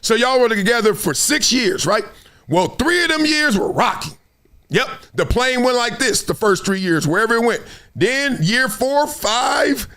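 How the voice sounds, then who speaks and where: A middle-aged man hosting solo sports commentary, animated and fond of acting out quotes in other voices. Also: very high-pitched.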